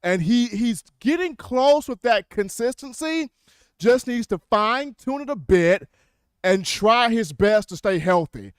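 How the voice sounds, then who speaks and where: Guy hosting a sports call-in show, higher voice, smooth and clear, dry close mic. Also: no echo. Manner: energetic, quick, repeats call-in catchphrases.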